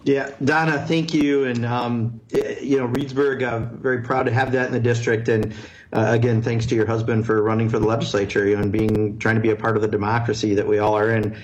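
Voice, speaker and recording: A man's voice: medium pitch, level tone, fairly quick, slight background noise, low-quality recording. A man, a congressman, answering callers on a radio show in a blunt, earnest way with many fillers. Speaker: congressman guest.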